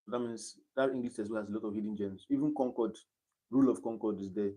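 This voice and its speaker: Teen Nigerian guy, low mellow voice, livestream study session, thinks aloud. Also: fast talker, husky. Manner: thinks aloud, reading quiz options aloud and chatting between them. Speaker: exam candidate streaming his study session. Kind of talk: casual livestream tutoring.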